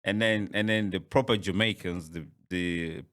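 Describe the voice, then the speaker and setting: A man hosts a podcast in a casual interview chat, often repeating words and laughing easily. His voice sits low, a bit bright, at a normal speed.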